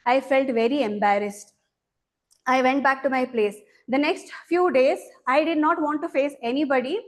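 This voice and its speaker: A young woman with a high voice tells a prepared story at a speaking club. She speaks animatedly and acts out the people she quotes, heard over a video call. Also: moderate pace.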